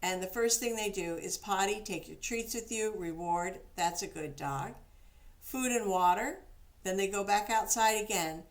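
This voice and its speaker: A woman's voice: medium pitch, normal speed. A woman dog trainer giving casual, practical instructions, now and then acting out the praise she gives a dog.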